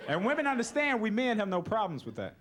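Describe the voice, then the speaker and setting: A man's voice: high-pitched, huge pitch swings, fast, a bit bright. A young man doing a laid-back stand-up comedy routine on stage. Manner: laid-back, keeps saying "you know, man". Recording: noisy live recording.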